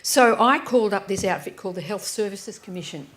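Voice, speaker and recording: A woman's voice: mid-range voice, brisk, slight background noise. A woman, an author on a live panel, telling stories and acting out the voices of people in them. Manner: lively anecdotes, acting out voices with frequent restarts. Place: live event stage.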